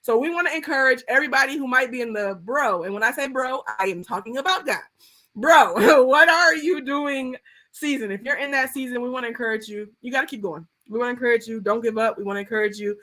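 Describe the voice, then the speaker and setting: A woman pastor talking on a livestream through a video call. She speaks in casual slang with a lot of energy. When she prays, her voice swings between loud, high bursts and quiet, low stretches. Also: quick pace, few pauses. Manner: animated, slangy, preacherly. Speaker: art therapy pastor hosting a livestream. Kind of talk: casual livestream chat and prayer.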